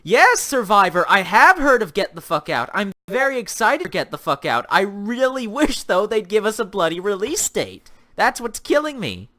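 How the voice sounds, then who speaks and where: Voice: medium pitch, big pitch swings, moderate pace, hardly any pauses, bright, forceful tone. A young adult livestream host chatting casually with viewers, reading chat aloud and ranting sarcastically about games.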